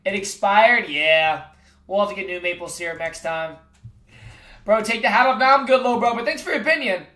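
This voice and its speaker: A man's voice: high voice, brisk, sharp tone, reverberant. A man livestreaming, trash-talking sports picks in casual chat with his viewers and calling everyone bro.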